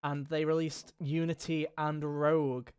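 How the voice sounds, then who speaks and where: A man's voice: a little high, little pitch movement, a little slow, a little mellow, clean tone. A man co-hosting a gaming podcast in casual chat, rambling and jokey, with a lot of swearing. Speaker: podcast co-host.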